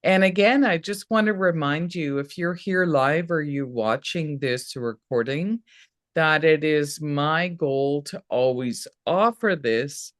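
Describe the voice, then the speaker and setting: A woman's voice: low voice, slow, no room sound, clean studio sound. A woman hosting a live online astrology workshop, speaking in an upbeat, encouraging and affirming way. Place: indoor room. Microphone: video call setup.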